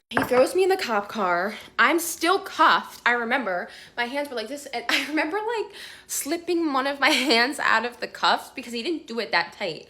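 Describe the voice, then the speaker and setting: Young woman, slightly high voice, chatty, animated storytime, swears and laughs a lot. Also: normal speed. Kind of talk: casual storytime vlog.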